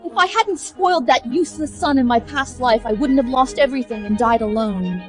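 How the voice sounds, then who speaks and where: An actress playing a commanding wealthy older woman who chairs a company, sharp and forceful. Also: high voice, fairly quick, soft background music, natural voice. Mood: bitter.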